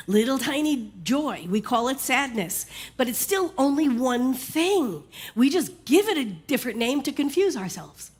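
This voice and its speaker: A woman's voice: a little high, slightly rough. A woman minister giving a sermon in a conversational, humorous way, often checking in with "right?".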